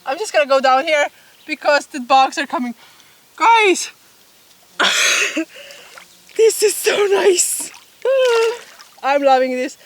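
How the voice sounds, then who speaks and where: A high-pitched woman chats to her camera outside, laughing her way through a casual story. Her voice sits a little away from the mic, so it sounds slightly distant and open. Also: expressive, slow, pauses often, a bit bright. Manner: giggly, laughs often while telling the story. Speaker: photographer and vlogger. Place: outdoors by a bog, with bugs around. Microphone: camera mic, filmed outdoors.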